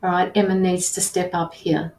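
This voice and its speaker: A woman working as a tarot reader and medium, relaying messages in an earnest, halting way with many restarts. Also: fairly low pitch, little pitch movement, a little mellow, roomy sound, low-quality recording. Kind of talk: live intuitive reading.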